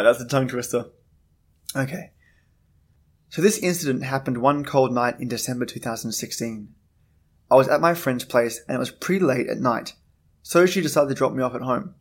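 A man hosting a scary story show, reading out listener-submitted tales with wry asides between them. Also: mid-range voice. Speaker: host of a scary story channel. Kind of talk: scripted narration of listener stories.

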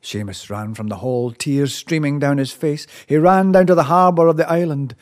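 A man telling a folk tale aloud, measured and expressive, dropping softly and rising with excitement. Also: fairly high pitch. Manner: measured, with lively rises and soft hushed drops. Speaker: storyteller. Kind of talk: oral folk-tale storytelling.

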